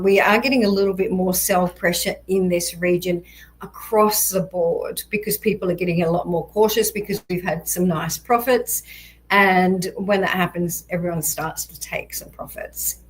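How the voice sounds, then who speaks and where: A woman with a lowish voice and an unhurried pace, talking through market charts. She explains things steadily, pausing on fillers, and her voice is turning a little hoarse. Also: poor audio. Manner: measured, explanatory, frequent ums. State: voice going hoarse, occasional coughs. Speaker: crypto market analyst. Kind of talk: chart analysis walkthrough.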